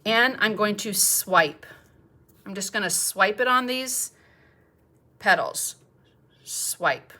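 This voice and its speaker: A woman's voice: mid-range voice, animated, slow pace, pauses often, pushed and bright. A middle-aged woman, teaching a live painting demonstration in a chatty, encouraging way and thinking aloud as she paints. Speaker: art teacher.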